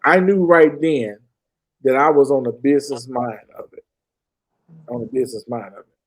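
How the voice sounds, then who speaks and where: Speaking at normal speed in a mid-range voice, this middle-aged Arkansas man, once a police detective, guests on a podcast to share a personal story earnestly. He repeats phrases to stress his points, over low-quality audio.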